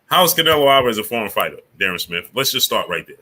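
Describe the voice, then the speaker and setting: A man's voice: mid-range voice, big pitch swings, rapid-fire, sharp tone. A man hosting a casual live stream, greeting viewers by name and grumbling with indignation about the platform. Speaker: livestream host.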